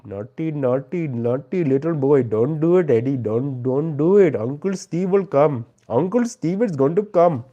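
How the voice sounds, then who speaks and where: A man's voice: on the high side, animated, measured pace, hardly any pauses, dark tone, muffled recording, pitched above the performer's own voice. A man playing a teasing, mock-menacing uncle who scolds in a sing-song voice. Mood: mock threat.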